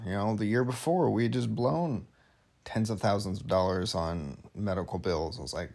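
A man's voice: on the low side, sing-song, normal speed, creaky, a little mellow. A young man chatting casually as a podcast guest about married life, rambling and joking, with lots of fillers. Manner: rambling, jokey, filler-heavy. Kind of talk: casual conversation.

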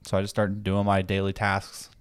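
A man's voice: sits low, completely flat delivery, normal speed, smooth, no room sound, studio quality. A man in his twenties hosting a podcast, telling a profane story in a loose, laughing chat. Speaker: podcast host.

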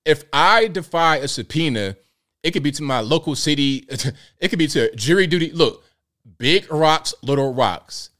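A man's voice: fairly high pitch, lively intonation, normal speed, fairly bright tone. A man hosting a live call-in stream in casual, joking commentary, slangy and talking straight to his viewers. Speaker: show host.

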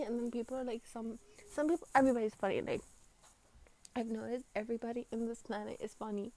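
A woman's voice: fairly high pitch, fairly even intonation, fairly quick, a little mellow. A young woman with a runny nose, rambling casually with a lot of slang, swearing and filler words. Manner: profane, slangy, full of fillers. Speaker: vlogger.

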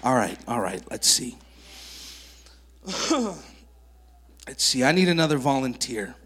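At a kids camp, a man preaches in a church sanctuary, his medium-pitched voice slow and slightly breathy. He animatedly shares miracle testimonies and brings children up as volunteers, weaving the stories into his sermon.

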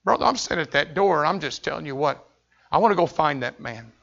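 A man preaching a sermon as pastor, telling a story with intense swings from shouting to hushed tones. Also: fairly high pitch, animated, fast talker, creaky, dull audio.

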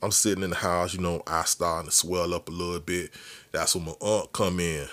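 Guy hosting a podcast, low-key slangy storytelling, lowish voice. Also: steady tone, a little fast, fairly bright tone. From Miami, Florida. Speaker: podcast host. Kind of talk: casual storytelling.

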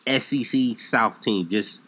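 A man's voice: medium pitch, slow, fairly bright tone. A man co-hosting a casual sports podcast, easygoing and asking questions. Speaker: podcast co-host.

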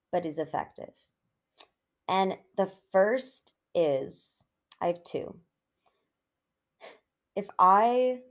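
A young adult woman hosting a podcast, giving blunt, profane relationship advice in a casual monologue with joking asides. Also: mid-range voice. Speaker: podcast host.

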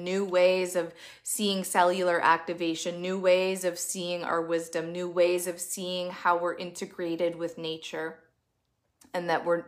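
A woman speaks to her online sisterhood in a loose, gushing live talk. Her voice sits a little low for a woman, and she mixes spiritual language with casual swearing. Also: fairly bright tone. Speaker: women's community coach and host.

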